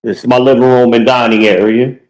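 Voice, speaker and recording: A man's voice: mid-range voice, flat delivery, fairly quick, low-quality recording. A podcast host talks casually to viewers while walking through his home, boastful and joking, swearing freely.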